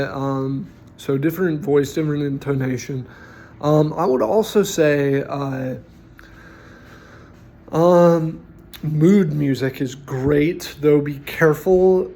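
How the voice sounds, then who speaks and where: A man's voice: a little high, warm tone, slight background noise. Blunt, opinionated man talking casually. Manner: blunt and opinionated, with many fillers. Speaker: game master giving advice.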